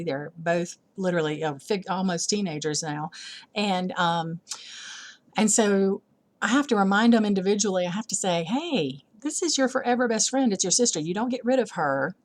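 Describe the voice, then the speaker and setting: Chatty mom giving a church talk. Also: female voice, on the low side. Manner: chatty, self-deprecating, many ums. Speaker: church teacher. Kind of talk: informal devotional talk.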